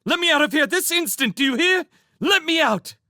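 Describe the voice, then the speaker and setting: A man voicing a spirited young female mouse maid in a storybook, pitched high and indignant. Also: expressive, a little fast, pushed and bright, no room sound, studio quality, heavily acted.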